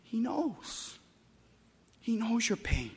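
A man preaching a sermon with emphatic delivery, moving between loud bursts and quiet, soft passages. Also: very high-pitched, very animated, extremely slow, breathy edge, big-room sound. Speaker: pastor.

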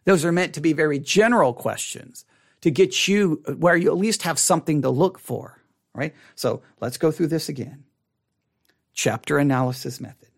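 A man teaching a Bible study method in a casual, animated way, often restarting phrases and acting out a reader's reactions. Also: a little high, normal speed, gravelly.

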